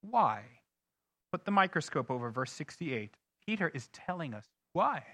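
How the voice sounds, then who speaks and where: A male pastor preaching with a high, bright, forceful voice. He swings between hushed, low asides and loud, emphatic questions to the congregation. The sound is dry and close, with little room echo. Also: sing-song, moderate pace. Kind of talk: sermon. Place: church sanctuary.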